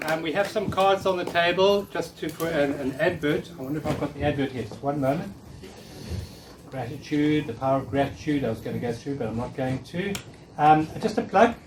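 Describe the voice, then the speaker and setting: A workshop speaker in his fifties gives a live talk in a room, coaching and encouraging the audience. His voice sits on the high side and moves fairly quickly, picked up by a distant mic with faint noise.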